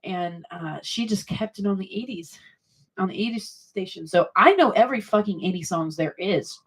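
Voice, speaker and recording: A woman's voice: mid-range voice, moderate pace, slightly rough. A woman in her thirties hosting a casual chat on her stream, her morning voice crackly and congested, rambling and swearing freely. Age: 30s. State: congested from allergies. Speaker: livestream host.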